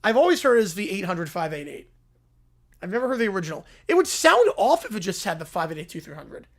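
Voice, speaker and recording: Guy streaming, chatting offhand, thinking out loud. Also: high voice, very animated, quick pace. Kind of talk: casual live-stream chat.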